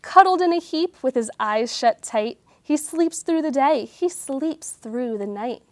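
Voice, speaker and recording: A woman nature educator reads a picture book and talks to children about animals. Her voice is high and her pace unhurried. The recording is dry and close. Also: expressive, no room sound. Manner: gentle and slow, for children. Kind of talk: reading a picture book aloud and teaching children.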